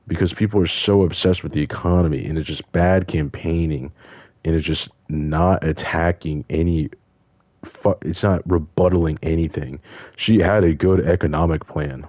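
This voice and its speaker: A man's voice: sits low, steady tone, a little slow, a little mellow, no room sound, lo-fi sound. An upset man from the United States ranting in frustration and swearing constantly. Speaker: vlogger. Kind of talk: angry casual rant.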